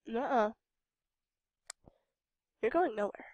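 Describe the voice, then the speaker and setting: Tired, lively woman with a Western American accent. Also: a little high, takes it slowly, no room sound, highs cut off. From Idaho, United States. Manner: rambling, talks back at game characters. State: tired and a bit sick. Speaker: game video host. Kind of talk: casual gameplay commentary.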